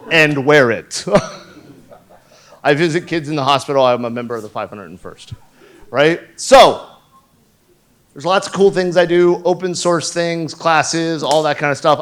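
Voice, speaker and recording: A man's voice: fairly high pitch, fairly bright tone. A man in his fifties giving a conference talk from a stage, blunt, profane and joking. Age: 50s. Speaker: conference speaker.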